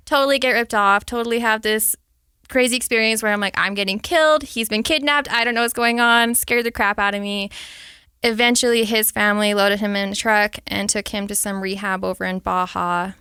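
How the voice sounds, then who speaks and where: A woman in her late twenties speaks frankly as a podcast guest, reflecting openly on her past. Her voice is smooth and clean. The sound is dry and close, with no room behind it. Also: medium pitch, fairly even intonation, fairly quick, sharp tone, dry recording. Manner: frank, reflective, reenacts her own thoughts. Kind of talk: candid personal storytelling.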